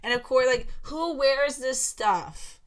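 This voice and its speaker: A woman's voice: sits high, slow pace. A woman giving casual, sarcastic commentary while reading posts aloud, drawling and laughing often. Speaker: online commentator.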